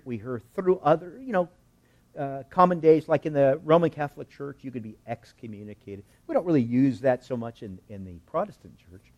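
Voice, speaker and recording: A man preaching a sermon, teaching through a Bible passage verse by verse and acting out the characters' lines with sarcasm and frequent chuckles. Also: mid-range voice. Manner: animated, voices the scripture characters with sarcasm; chuckles often while teaching. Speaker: pastor.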